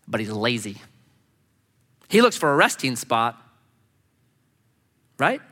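A male pastor giving a sermon, telling a personal story in an animated way and acting out the voices of the people in it. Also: on the high side, a little slow, long pauses, in a large hall.

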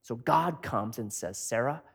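A male pastor preaching a sermon in an animated, joking, conversational way. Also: mid-range voice, measured pace, gravelly, slightly rough.

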